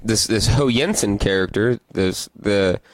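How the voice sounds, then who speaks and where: Male co-host, deep-ish, laid-back rambling podcast chat, dry sound. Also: unhurried, no echo, rough recording. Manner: relaxed, rambling, reads beer labels aloud. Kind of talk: casual chat.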